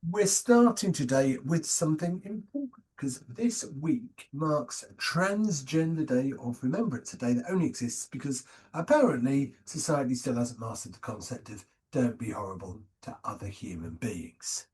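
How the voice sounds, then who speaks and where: A man's voice: mid-range voice, animated, moderate pace, hardly any pauses, darkish tone, husky, poor audio. A man, hosting a podcast and reading a wry, sarcastic scripted intro. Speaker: podcast host.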